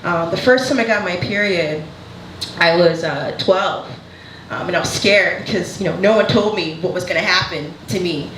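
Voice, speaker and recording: A woman's voice: fairly low pitch, normal speed, a bit bright. A woman doing a stand-up comedy set in a casual, candid way, often laughing through her lines. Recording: echoey room with background noise.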